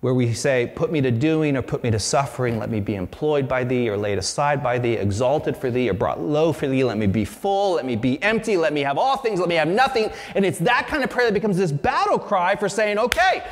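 A man's voice: on the high side, lively intonation, a little fast, hardly any pauses, big-room sound. A man preaching a sermon as pastor, earnest and conversational, often restarting his sentences.

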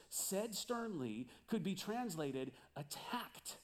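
A male pastor delivers a sermon in a fairly high voice. His pitch rises and falls widely as he speaks. He keeps turning to the congregation with questions. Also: takes it slowly. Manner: animated preaching, asks the audience questions.

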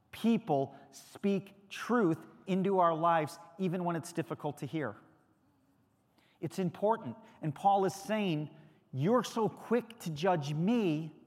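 A man's voice: high voice, long reverb tail. A man preaching a sermon as pastor, speaking conversationally and putting questions to the congregation. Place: church sanctuary.

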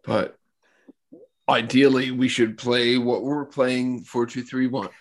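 A man's voice: mid-range voice, little pitch movement, slow. A man with the hiccups, talking football bluntly and swearing in a casual chat.

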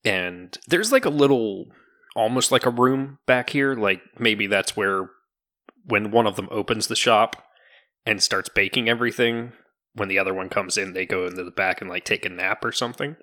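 A man narrating as the game master of a tabletop game in a relaxed, playful way. His voice is on the low side with a bright, forward tone. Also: moderate pace. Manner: joking, relaxed.

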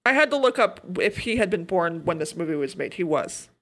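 A woman's voice: fairly low pitch, very animated, brisk, fairly bright tone. Woman retelling a movie in casual chat. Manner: retells movie scenes with acted-out quotes. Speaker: podcast co-host.

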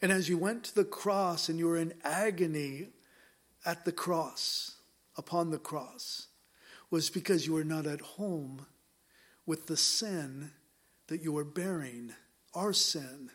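A man's voice: fairly high pitch, takes it slowly, a bit bright. A man as a pastor, earnestly preaching and then praying aloud in a church, with repeated, pleading appeals. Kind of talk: sermon and closing prayer. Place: church sanctuary.

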